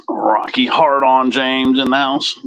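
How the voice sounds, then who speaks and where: Guy hosting a live chat stream, mid-pitched voice, crude and rambling, dry sound. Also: steady tone, takes it slowly, vocal fry, a bit bright, dry recording, low-quality recording.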